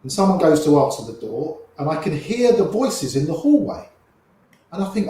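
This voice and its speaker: An older man, a poker player, telling long anecdotes with lively quoted voices. His voice sits a bit high for a man. He sounds boomy and echoey, as if in a big hard room. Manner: animated raconteur, quotes people in quick little voices. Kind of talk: anecdotal storytelling.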